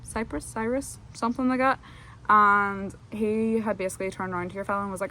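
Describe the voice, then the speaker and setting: A woman's voice: medium pitch, fairly even intonation, fast, sharp tone, slight background noise. A young woman, telling a casual, rambling vlog story full of fillers. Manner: chatty, rambling, lots of fillers. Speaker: vlogger.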